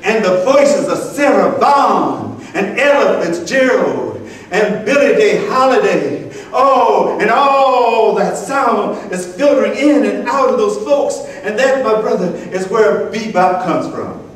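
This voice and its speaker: A man's voice: high voice, lively intonation, slow pace. A man voicing an eager, slang-talking bebop lover who preaches about jazz and scats its rhythms, in live storytelling. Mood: impassioned. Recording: echoey room, distant mic.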